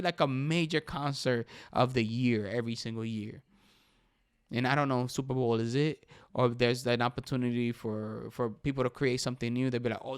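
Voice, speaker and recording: Animated young man podcasting, smooth voice. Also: medium pitch, no echo, clean studio sound. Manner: animated, emphatic, says "bro" often. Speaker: podcast host. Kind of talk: casual solo podcast commentary.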